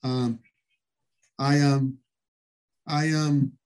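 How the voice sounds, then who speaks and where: A man's voice: medium pitch, flat delivery, drawn-out words, darkish tone, soft background music. A man, a former wrestler, telling stories casually in an interview, rambling with many fillers.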